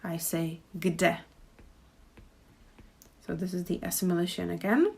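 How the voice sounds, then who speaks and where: A woman with a Czech accent teaching pronunciation, speaking slowly and repeating each example phrase with care. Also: lowish voice, steady tone, gravelly, slightly rough. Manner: slow, careful demonstrations with repeated example phrases. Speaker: language teacher. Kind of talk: pronunciation lesson. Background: birdsong and traffic outside.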